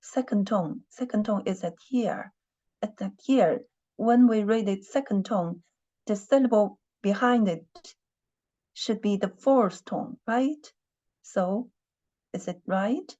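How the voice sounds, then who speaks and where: A woman's voice: mid-range voice, slow pace, dark tone, dull audio. A woman teaching a Chinese class online, patiently repeating her questions and humming while she thinks.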